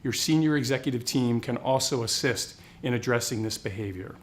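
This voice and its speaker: A man's voice: medium pitch, brisk. A man giving a formal, earnest scripted address to hospital colleagues. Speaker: hospital executive.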